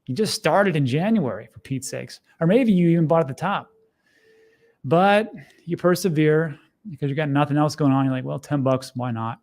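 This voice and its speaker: A middle-aged man hosting a casual screen-share commentary, talking in a conversational, animated way with sardonic asides. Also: fairly high pitch, normal speed. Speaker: host.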